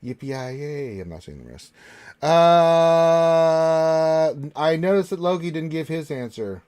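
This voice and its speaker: A man hosting a casual live Q&A panel, reading out viewer questions and answering in a relaxed, rambling way with plenty of fillers. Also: fairly high pitch, takes it slowly, clear, resonant tone.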